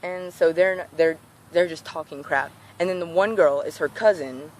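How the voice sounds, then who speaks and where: A woman's voice: fairly low pitch, moderate pace. Teen girl ranting through a storytime. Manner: animated, acts out quoted voices. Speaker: vlogger. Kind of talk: storytime rant.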